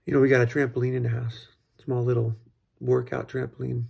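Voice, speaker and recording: A man with a deeply gravelly, raspy voice and a dark, mellow tone talks through parenting in a casual monologue. He rambles thoughtfully, with plenty of fillers and restarts. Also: level tone, a little fast. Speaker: father sharing parenting tips.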